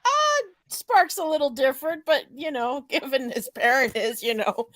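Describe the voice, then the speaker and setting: A woman's voice: high-pitched, expressive, moderate pace, fairly bright tone, no room sound. A woman chatting casually on a stream, teasing and laughing often. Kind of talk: casual chat.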